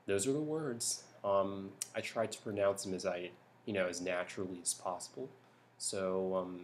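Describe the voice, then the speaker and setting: A young man from California talking softly in a hushed voice at home at night for a vlog, rambling with lots of ums and restarts. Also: on the low side, slight background noise. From California, United States. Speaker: YouTuber. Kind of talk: soft-spoken vlog talk.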